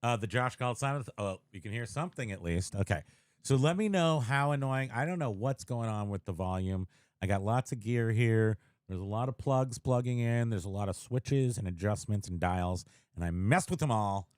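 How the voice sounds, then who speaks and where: A man's voice: lowish voice, expressive, normal speed, no room sound, studio quality. A man hosting a casual livestream podcast, joking and rambling while he fusses with his gear. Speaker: podcast host.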